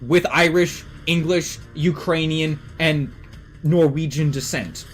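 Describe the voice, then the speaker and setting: A man from Canada chatting with his stream, blunt and emphatic, cursing freely. His voice sits a little high, and music plays faintly under his talk. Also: lively intonation, normal speed. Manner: blunt, heavy swearing, emphatic. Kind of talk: casual chat with stream chat.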